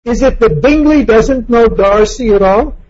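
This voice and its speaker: A man's voice: very high-pitched, measured pace, a little mellow, lo-fi sound. A man giving a reflective lecture on a novel, asking questions and acting out quoted lines in passing.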